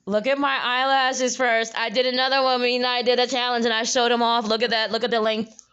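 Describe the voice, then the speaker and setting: A young woman telling a story in a casual vlog, animated, jumping up high for quoted lines, recorded on a phone. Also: a little fast, clean tone, highs cut off. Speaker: vlogger. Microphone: phone camera.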